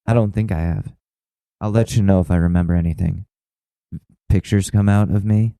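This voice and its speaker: A young man hosting a podcast in a loose, rambling comedic monologue, swearing freely and mocking himself. His voice is deep and dark, with a mellow, low tone. The sound is dry and close to the mic. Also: fairly even intonation, moderate pace, vocal fry, pauses often, no echo, poor audio. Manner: rambling, self-mocking, profane. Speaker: podcast host.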